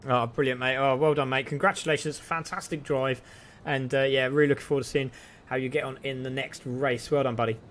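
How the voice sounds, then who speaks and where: A man doing live sim racing commentary, excitable and climbing with the action, his voice tiring and hoarse. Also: mid-range voice, brisk, a little hiss or hum. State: voice going hoarse.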